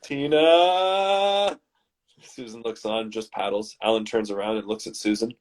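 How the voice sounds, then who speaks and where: A man from Canada, hosting and reading his comedy scripts aloud in a dramatic, animated way. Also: lowish voice, fairly quick. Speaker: host and scriptwriter.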